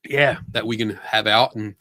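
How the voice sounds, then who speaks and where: A podcast host with a Philadelphia accent and a stuffy nose chats casually on a livestream from a room at home, rambling, halting, stumbling over restarts, and laughing often. His fairly low voice is pushed and bright, with fairly even intonation at a moderate pace, and there's no room sound.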